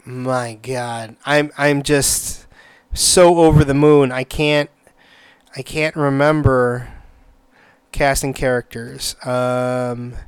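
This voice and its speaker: A man hosting a solo podcast, gushing excitedly, cursing freely and stumbling over restarts. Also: medium pitch, slow pace, clean tone, no room sound. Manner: excitable, gushing, swears a lot, stammers and restarts. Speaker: podcast host.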